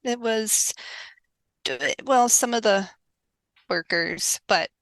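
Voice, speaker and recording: A middle-aged woman telling workplace stories as a podcast guest, animated and laughing often, acting out the people she quotes. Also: medium pitch, takes it slowly, no echo. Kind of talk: casual storytelling interview.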